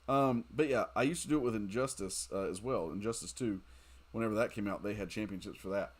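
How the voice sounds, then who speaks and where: A man's voice: lowish voice, quick pace. A man streaming a mobile game late at night, chatting casually, reading viewer comments aloud, joking and laughing often. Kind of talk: casual live-stream chat while playing.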